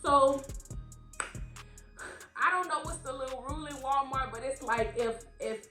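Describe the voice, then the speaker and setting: Young woman, high voice, animated storytime vlog, roomy echo. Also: unhurried, faint music behind. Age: young adult. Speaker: vlogger. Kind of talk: casual storytelling. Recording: roomy echo, faint background beats.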